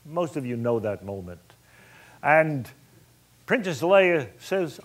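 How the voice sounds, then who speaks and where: A man's voice: on the high side, takes it slowly. A man, a film director, telling an anecdote to an audience and acting out bits of dialogue. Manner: animated, colorful storyteller who acts out dialogue.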